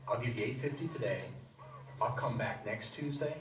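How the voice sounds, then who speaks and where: An actor playing a friendly but pushy customer who coaxes and bargains. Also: male voice, mid-range voice, normal speed, lightly acted. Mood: coaxing. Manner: coaxing, bargaining. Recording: distant video playback in an echoey room, clear noise.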